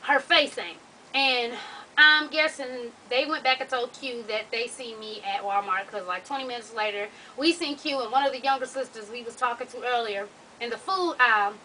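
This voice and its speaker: Sassy high-voiced woman vlogger. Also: moderate pace, recorded from a distance, slight background noise, low-quality recording. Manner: sassy, blunt, swears freely, loud exclamations. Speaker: advice vlogger reading a viewer letter. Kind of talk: casual advice vlog.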